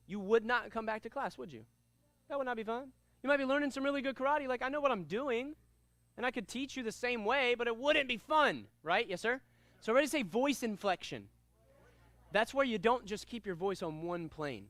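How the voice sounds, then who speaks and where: Man, karate instructor, high voice, commanding, energetic, drills the class, dry close sound. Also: a little fast, no room sound. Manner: commanding call-and-response drills; energetic and upbeat. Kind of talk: teaching a kids' martial arts class.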